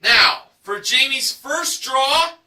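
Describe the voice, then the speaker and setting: A man hosting a game show recap, reading the results in a showy announcer style with drawn-out shouted prices. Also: very high voice, lively intonation, echoey room, recorded from a distance. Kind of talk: enthusiastic scripted recap narration.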